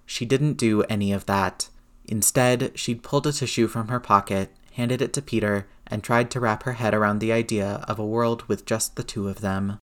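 A man narrating a story aloud in a steady, measured reading voice. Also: fairly low pitch.

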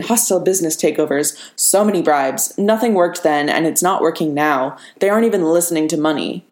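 Low-voiced woman reading a story. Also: normal speed, darkish tone. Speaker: reader. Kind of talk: audiobook narration. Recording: echoey room.

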